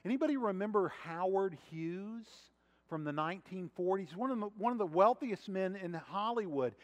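A man's voice: sits high, expressive, moderate pace, long reverb tail. A man preaching a sermon as pastor, talking conversationally and asking his listeners questions.

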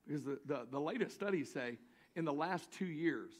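A pastor with a Southern US accent preaching a sermon to his church, swinging from quiet asides to drawn-out shouted declarations. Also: a little high, expressive. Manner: builds to shouting, drawn-out emphatic lines. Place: church sanctuary.

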